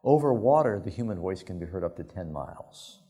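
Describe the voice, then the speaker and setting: A man's voice: low-pitched, big pitch swings, brisk, warm tone, breathy edge. A male pastor preaching a sermon, telling anecdotes in a folksy, conversational way. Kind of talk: sermon storytelling.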